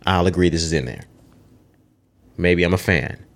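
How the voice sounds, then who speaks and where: A man with a very low voice co-hosts a podcast in loose, casual chat. He is opinionated and swears freely as he works through a ranked list. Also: normal speed. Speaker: podcast co-host.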